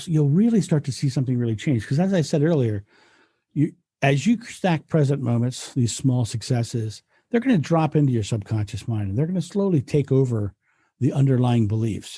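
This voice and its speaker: A man's voice: mid-range voice, warm tone, slightly rough, dry recording. A man, a guest speaker, talking earnestly in a reflective interview and often restarting his sentences. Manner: earnest, frequent restarts and repetitions.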